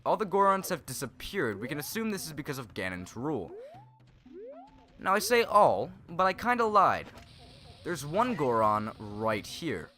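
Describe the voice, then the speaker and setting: Bright-voiced young man commenting on gameplay. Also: a little high, very animated, normal speed. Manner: rambling, self-correcting. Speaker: let's play host.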